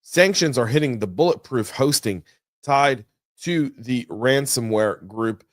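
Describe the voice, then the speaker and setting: A man runs through the day's news as a podcast host, chatty and energetic with folksy asides. His voice sits at a middle pitch. It is recorded close and dry on a studio mic. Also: unhurried, no echo. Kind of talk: casual news commentary.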